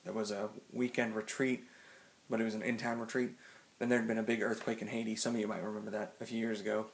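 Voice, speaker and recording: A man's voice: on the low side, level tone, fast. A young man in his late teens telling a funny story to camera, rambling and full of "like" and restarts. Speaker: vlogger.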